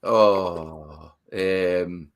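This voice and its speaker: A man's voice: low voice, steady tone, extremely slow. A young British man co-hosting a casual podcast, laid-back and laughing, swearing freely as he answers quiz questions. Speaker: podcast co-host. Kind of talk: casual chat.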